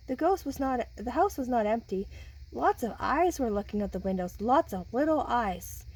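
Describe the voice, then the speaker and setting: A woman's voice: fairly high pitch, normal speed, breathy edge, rough recording. Woman reading a picture book aloud. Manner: animated, talks with listening children. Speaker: storybook reader.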